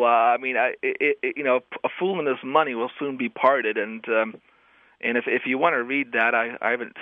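A man's voice: mid-range voice, no room sound. A male guest scholar on a radio call-in show, talking thoughtfully with frequent restarts and fillers. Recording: tinny phone line, dry.

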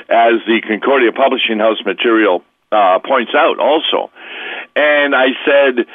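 A male pastor walks through a scripture passage as a radio guest, leaning hard on key words and pausing to explain. His voice comes through a thin, tinny phone line. The sound is close and dry. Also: medium pitch, no echo. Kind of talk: radio Bible teaching.

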